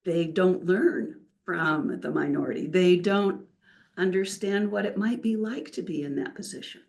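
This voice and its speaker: Speaking low and at a measured pace, this creaky-voiced older woman is a wealth counselor appearing as a podcast guest. In the relaxed interview she tells stories with animation, performing each quote as she goes.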